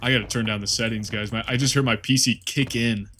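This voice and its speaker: A man's voice: medium pitch, fairly even intonation, fast talker, sharp tone, slight background noise. A man chatting casually to his viewers on a live stream while playing a game, rambling, laughing and swearing freely.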